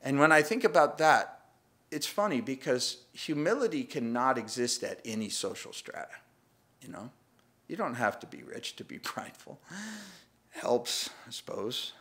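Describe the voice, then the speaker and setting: A man's voice: medium pitch, expressive, normal speed, a bit bright. A male pastor preaching a sermon in a conversational way, acting out the people in the story.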